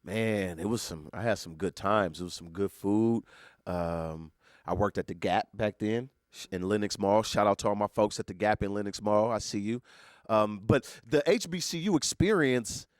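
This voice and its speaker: A man's voice: on the low side, normal speed, dry recording, studio quality. A middle-aged man from Northern California, co-hosting a podcast in a playful, joking way with lots of slang. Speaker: podcast co-host. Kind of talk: casual chat.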